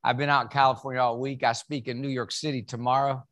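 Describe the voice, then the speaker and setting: A man's voice: mid-range voice, flat delivery, fast talker, fairly bright tone. A man from West Virginia with a Southern accent, giving a humorous motivational keynote at an event, folksy and full of jokes. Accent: Southern American. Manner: folksy, joking storyteller. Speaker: keynote speaker. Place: event hall.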